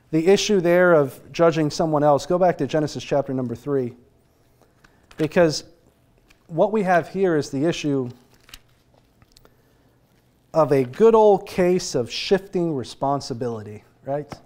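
A man's voice: on the high side, unhurried, long pauses, a little mellow. A man with an American accent preaching a conversational sermon as pastor, asking rhetorical questions and chuckling now and then.

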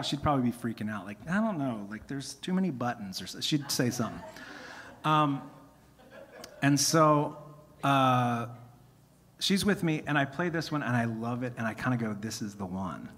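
Between songs at a concert, a male singer-songwriter on the venue stage tells casual stories that ramble and interrupt themselves. His mid-range voice sounds fairly bright and breathy, worn from singing. The live stream picks up a long reverb from the hall.

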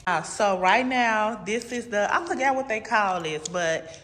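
A woman's voice: medium pitch, unhurried, a bit bright, a little hiss or hum. Chatty woman giving a home tour. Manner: chatty, keeps addressing viewers as y'all. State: tired and emotional. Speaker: vlogger. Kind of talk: casual home tour vlog. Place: new apartment and building common areas, indoors.

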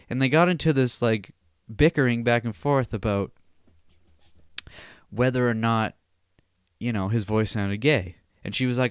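Young male podcaster, solo rant, crisp dry voice, swears a lot, rambles. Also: mid-range voice, moderate pace, no room sound. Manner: profane, rambling, animated storytelling. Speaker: podcast host.

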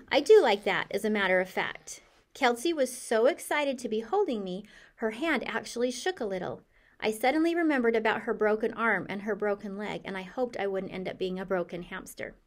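A woman reading a children's chapter book aloud in the voice of a cheerful, curious hamster narrator, with a lively, expressive delivery. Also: medium pitch, brisk. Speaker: audiobook reader. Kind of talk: storybook narration.

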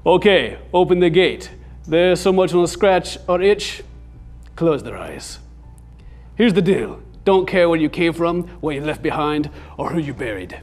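A man's voice: on the high side, expressive, a little slow, faint music behind. A man voicing a stern male gatekeeper who speaks in curt commands. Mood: commanding.

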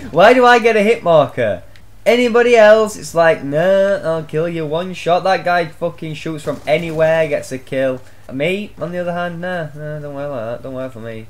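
A young man giving loud, swear-filled live commentary on his own gameplay, shouting out reactions as he plays. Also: fairly high pitch, expressive, moderate pace. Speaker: gaming channel host.

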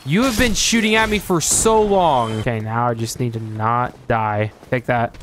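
Excitable gamer man yelping at the screen. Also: medium pitch, normal speed. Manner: excitable, yelps and shouts at the game, joking trash talk. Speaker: streamer playing a video game. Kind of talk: live gameplay commentary. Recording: noticeable background noise.

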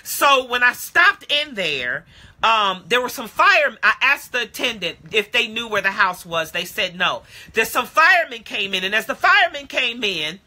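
A woman preacher telling a personal testimony in a sermon, dramatic and speaking straight to her listeners, sinking to a hushed tone at solemn moments. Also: a little high, big pitch swings, normal speed. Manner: addresses listeners directly, calls them beloved. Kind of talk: sermon storytelling. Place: home, streamed live to social media.

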